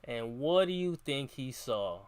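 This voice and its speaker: A man's voice: medium pitch, expressive, a little slow, background noise. A man streaming live, reading a children's book aloud in a slangy, casual way and repeatedly tacking on a catchphrase between lines.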